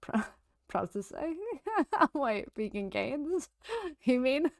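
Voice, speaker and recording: A woman's voice: high-pitched, big pitch swings, very slow, gravelly, no room sound, clean studio sound. A woman co-hosting a livestream, talking casually and sarcastically, laughing often and swearing. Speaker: co-host on a reaction stream.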